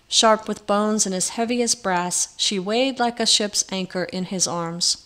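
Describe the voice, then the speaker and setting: A woman narrating a storybook in an expressive, measured way. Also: medium pitch. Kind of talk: storybook reading.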